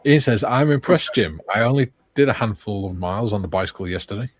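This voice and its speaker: A man's voice: fairly low pitch, lively intonation, fast talker, dry recording. Chatty man reading viewer comments. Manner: reads viewer comments aloud, chatty and laughing. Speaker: livestream host reading chat. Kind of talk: casual livestream chat.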